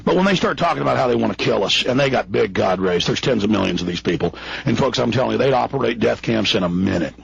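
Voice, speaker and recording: A man hosting a radio show, ranting angrily in a growl that builds to shouts. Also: fairly low pitch, lively intonation, quick pace, creaky, breathy edge, dull audio. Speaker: radio talk show host. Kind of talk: angry on-air rant.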